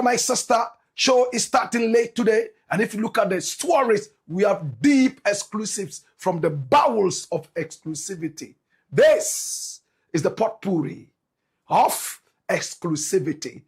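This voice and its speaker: A Ghanaian man hosts his show in Ghanaian English with a flamboyant, preacher-like cadence, stacking phrase after phrase. His voice sits high for a man. It carries a husky, grainy edge. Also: animated, measured pace. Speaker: show host. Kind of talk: energetic show intro and sponsor pitch.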